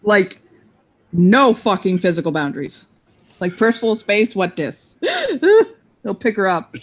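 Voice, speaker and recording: A woman narrating a tabletop role-playing game as game master, animated, sweary and often giggling. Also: medium pitch, a little slow.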